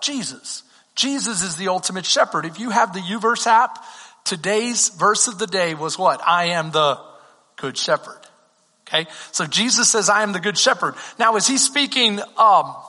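A man's voice: high-pitched, bright, forceful tone, breathy edge, long reverb tail. A Texan man preaching a sermon as pastor, talking conversationally and asking the congregation questions.

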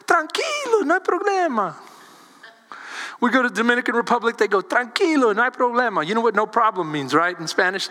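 A man preaching a sermon as a pastor, animated and calling on the congregation for responses. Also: sits high, in a large hall.

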